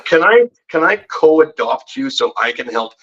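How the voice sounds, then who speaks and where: A man's voice: on the high side, big pitch swings, normal speed, a bit bright, muffled recording. A man guesting on a podcast, telling rambling, jokey stories and teasing the hosts. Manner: rambling, jokey storyteller who teases the hosts. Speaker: guest poker pro and betting expert. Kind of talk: casual podcast storytelling.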